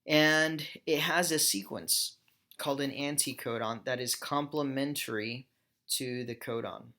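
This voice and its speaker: A man's voice: mid-range voice, measured pace, sharp tone. A man, a professor, giving a recorded lecture over slides and explaining step by step, with small self-corrections.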